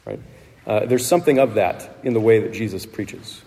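A man preaching a sermon in a relaxed, conversational way, with asides to the congregation. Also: on the low side, normal speed, gravelly. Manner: conversational, with asides and light laughs. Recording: long reverb of a large hall.

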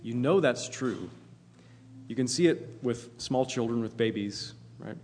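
A man's voice: medium pitch, a little slow, a little mellow, slight background noise. A man preaching a sermon in an earnest, emphatic way, often repeating himself for emphasis. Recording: long hall reverb.

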